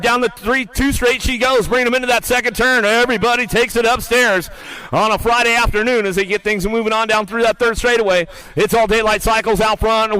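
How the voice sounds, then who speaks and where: A man calling live BMX races play-by-play, rattling off riders' names and positions, then dropping lower and quieter to read results and lineups. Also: low-quality recording. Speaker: race announcer. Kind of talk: live BMX race commentary.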